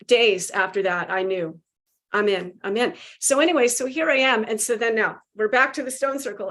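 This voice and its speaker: A woman guest telling a spiritual story with animated emotion, acting out quotes and laughing. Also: a little high.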